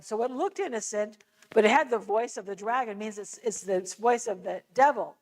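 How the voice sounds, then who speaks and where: An American woman gives a conversational church adult-education lecture on scripture, explaining with casual asides. Her voice is medium-pitched and darkish at a moderate pace, on a low-quality recording.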